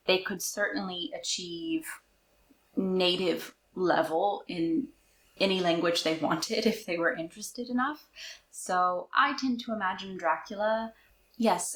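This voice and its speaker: A woman's voice: on the low side, a bit bright. A woman reading and commenting on a classic novel in a musing, conversational way, recorded in an echoey room. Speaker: book reader and commentator. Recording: echoey room, faint music.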